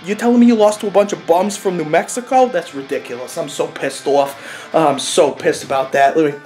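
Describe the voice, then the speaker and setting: A man's voice: a little high, fairly quick, darkish tone, close to an everyday voice. A man playing an angry bandwagon sports fan from Boston, ranting in a profane, repetitive comedy monologue with a Boston accent, over faint guitar music. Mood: fired up. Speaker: comedic character.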